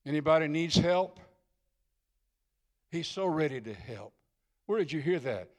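A man's voice: a little high, expressive, measured pace, darkish tone. Folksy older preacher man. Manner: folksy, earnest, repeats phrases for emphasis. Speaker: visiting preacher. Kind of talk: sermon with prophetic ministry. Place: church.

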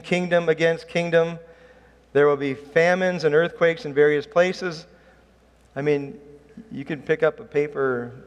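A middle-aged man preaching a sermon as a pastor, earnest and emphatic, pushing his voice up on key points. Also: a little high. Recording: reverberant hall.

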